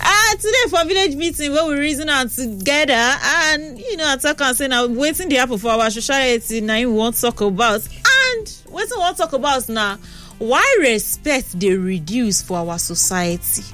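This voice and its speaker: Animated young Nigerian woman radio host. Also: high voice, normal speed, faint music behind. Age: young adult. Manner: animated, chatty. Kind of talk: casual radio talk and storytelling. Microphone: studio microphone.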